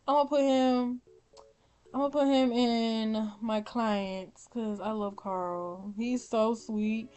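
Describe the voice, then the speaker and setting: A young woman vlogger giving casual, opinionated commentary, animated and blunt, often laughing and swearing. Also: fairly high pitch, slow. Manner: animated, swears, laughs often, mimics her own reactions. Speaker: vlogger ranking reality show contestants.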